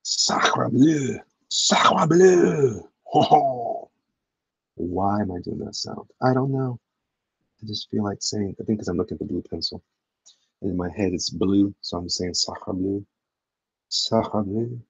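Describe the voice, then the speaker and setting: A man's voice: low-pitched, steady tone, moderate pace, slightly rough, no echo. A man who draws commissions, talking casually to viewers while he works, humming and joking to himself. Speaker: artist drawing commissions. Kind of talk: casual drawing stream talk. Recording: dull lo-fi mic.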